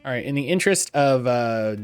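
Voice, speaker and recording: Excitable man streaming a game. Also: mid-range voice, clear, resonant tone. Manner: excitable, swears casually, reads item text in a measured voice. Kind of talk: casual let's-play commentary, reading game text aloud.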